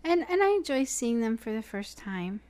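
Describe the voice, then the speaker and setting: A woman's voice: fairly high pitch, very animated, moderate pace, warm tone, clear, resonant tone. Female podcast co-host, casual, playful, with dry sarcasm. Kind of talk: casual chat.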